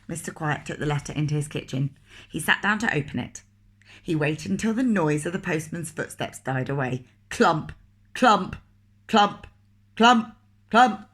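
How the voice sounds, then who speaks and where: A woman reading a picture book aloud to children, expressive and asking the listener questions. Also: sits low, a little fast, breathy edge. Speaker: teacher reading a story to children.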